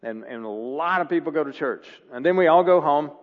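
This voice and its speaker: A pastor preaching a sermon, retelling scripture as a story and building emphasis on the key moments. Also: male voice, on the high side, expressive, brisk. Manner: storytelling, reads scripture aloud with rising emphasis. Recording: dull, echoey hall.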